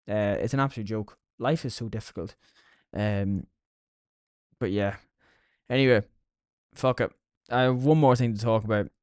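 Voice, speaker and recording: A man's voice: mid-range voice, dry recording, clean studio sound. A young Irish man hosting a solo podcast, talking casually with plenty of swearing and mockery. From Ireland. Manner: sweary, mocking. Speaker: podcast host.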